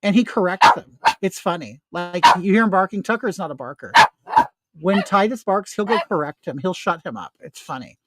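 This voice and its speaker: A man's voice: high voice, expressive, normal speed, very noisy. A man in his fifties hosting a casual makeup livestream from home, chatting in a rambling way and answering viewer comments. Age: 50s.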